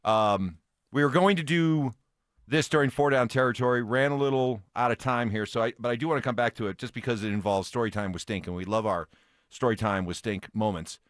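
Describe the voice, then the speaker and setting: A man's voice: mid-range voice, a little fast, no room sound, studio quality. Man opening a sports radio segment. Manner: moderating, setting up segments. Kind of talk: casual radio talk. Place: radio studio.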